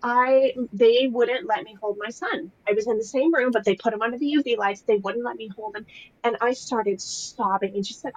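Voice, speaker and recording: A woman's voice: a little high, steady tone, normal speed, dull audio. A young adult woman, a podcast guest, candidly recounting her own experience in a casual, emotional way with lots of fillers. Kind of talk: casual personal storytelling.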